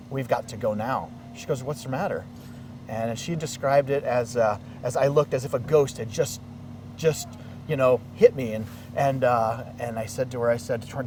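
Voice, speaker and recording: Man, mid-pitch, animated storyteller acting out quotes; outdoor interview, distant mic. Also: slight background noise. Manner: animated, acts out quoted dialogue. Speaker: interviewee, local resident. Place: outdoors in a residential neighborhood.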